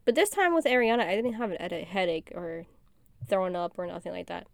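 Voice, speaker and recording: A young woman with a mid-pitched voice, chatting casually as a co-host. She speaks softly and in a low-key way, her sentences often fading out. The sound is dry and close. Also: big pitch swings, brisk, creaky, no echo. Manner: soft-spoken, quiet and low-key, often trailing off. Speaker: podcast co-host. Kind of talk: casual chat.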